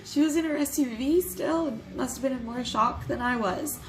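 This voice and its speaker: A young adult woman telling a personal story to camera in a vlog, candid and quick to swear, with nervous little laughs. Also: high voice, poor audio. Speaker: vlogger.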